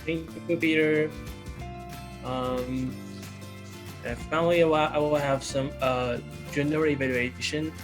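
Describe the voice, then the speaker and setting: A man sums up the meeting over a video call in plain, unhurried English, going through his points one at a time with small pauses. Music plays clearly underneath his voice. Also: on the high side, steady tone. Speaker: general evaluator. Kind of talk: online meeting report.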